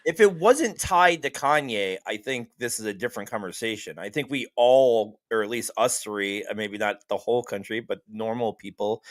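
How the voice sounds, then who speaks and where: A man's voice: lowish voice, normal speed, hardly any pauses, no room sound. A man co-hosting a podcast, working through his thoughts aloud. He talks hesitantly in casual chat. The sound is dry and close. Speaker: podcast co-host.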